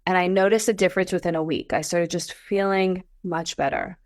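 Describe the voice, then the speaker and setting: A woman in her forties, a podcast guest, telling her story in a casual interview, animated and climbing into high exclamations. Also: fairly quick, no echo, studio quality. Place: Los Angeles.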